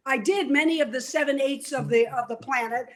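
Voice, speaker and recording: An older woman from New York, telling her story as an interview guest in a lively, vivid way. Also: sits high, fairly quick, a little hiss or hum.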